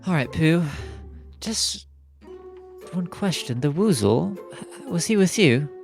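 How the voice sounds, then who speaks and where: A man in a tabletop game speaks in character with a lively, swooping voice. He is playful and relaxed. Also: on the high side, takes it slowly, gravelly, faint music behind. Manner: playful, expressive. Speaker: player. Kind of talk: casual tabletop role-play.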